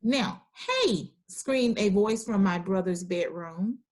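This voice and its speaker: A woman's voice: mid-range voice, darkish tone. A woman teacher running an online class over a video call, encouraging students and praising their answers often. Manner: reads sentences aloud slowly.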